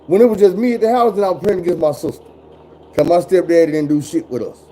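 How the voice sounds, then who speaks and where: A man's voice: high-pitched, fast talker, mellow, a little hiss or hum, poor audio. A man in his forties telling stories in casual chat, blunt and full of cursing. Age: 40s. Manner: profane, blunt, drawling storyteller.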